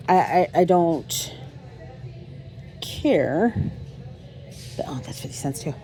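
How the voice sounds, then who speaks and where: A woman's voice: fairly low pitch, background noise. A woman vlogging as she browses a thrift store, telling a rambling story with many ums and restarts, filming on a handheld phone.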